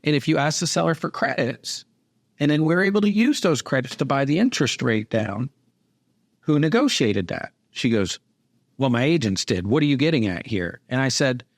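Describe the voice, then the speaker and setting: A man of middling pitch hosts a relaxed podcast chat, telling stories of phone calls and playing both parts himself. His voice sounds close and dry, with no room around it. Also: moderate pace, gravelly, dry recording. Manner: animated storyteller acting out both sides of calls. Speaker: host and mortgage business owner. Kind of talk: casual podcast interview.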